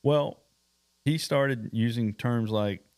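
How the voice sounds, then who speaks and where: A man's voice: mid-range voice, slow, darkish tone, smooth. A man hosting a bail bonds podcast, giving earnest warnings in casual chat. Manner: earnest, warning tone, repeats points.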